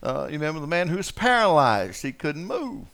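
A pastor preaches a sermon in a folksy, conversational manner, putting questions to his listeners and swinging between quiet asides and loud, passionate moments. His voice sits fairly high and has a sing-song lilt, and he talks at a normal speed.

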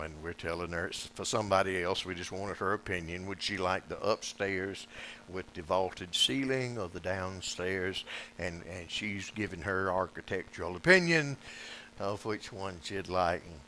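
Folksy preacher, bright voice. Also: male voice, deep voice, slight background noise, low-quality recording. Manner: folksy, animated, acts out dialogue in the story. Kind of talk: storytelling sermon.

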